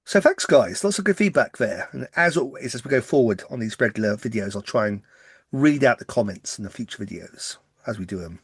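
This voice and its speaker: English man with a light West Country accent, co-host, quick and excitable, dry close sound. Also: medium pitch, breathy edge, no room sound. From West Country, England. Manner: fast-talking, excitable. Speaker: podcast co-host. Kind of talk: casual chat.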